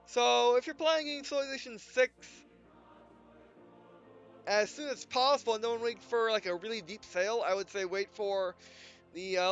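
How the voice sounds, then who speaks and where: A man's voice: high voice, fairly bright tone. Breathless rambling young gamer guy. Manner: rambling, halting, restarts often. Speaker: let's play host. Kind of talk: casual gameplay commentary. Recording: dull lo-fi mic with faint game music.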